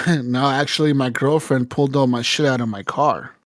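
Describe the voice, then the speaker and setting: A podcast co-host with a mid-range voice and fairly even intonation tells a story casually at a moderate pace, swearing and laughing a lot and acting out quotes. The recording is studio quality with no room sound.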